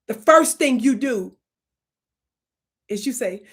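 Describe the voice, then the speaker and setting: Playful, animated woman coaching a livestream. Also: a little high. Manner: animated and playful, with sudden whispers and drawn-out words. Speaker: channel host.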